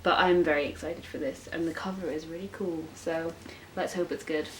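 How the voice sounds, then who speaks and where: A woman's voice: deep voice, steady tone, moderate pace, poor audio. A 19-year-old woman chatting casually as a book vlogger, gushing and self-mocking, with lots of filler words. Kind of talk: casual chat. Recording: faint hiss.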